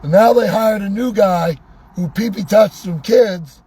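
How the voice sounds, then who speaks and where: A worked-up man ranting sarcastically in a vlog from inside a vehicle, his voice going hoarse. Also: sits high, a little slow, warm tone, slight background noise. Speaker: vlogger. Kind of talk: angry ranting monologue.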